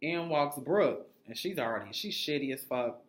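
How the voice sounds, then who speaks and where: A man recapping a reality TV episode in an animated, sassy, heavily profane gossip style. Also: on the high side, normal speed. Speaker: TV recap vlogger. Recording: roomy echo.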